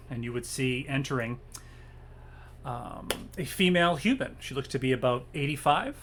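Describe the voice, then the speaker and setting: A man's voice: mid-range voice, measured pace, fairly bright tone. A man narrating a tabletop game as game master, hesitant with many ums and uhs.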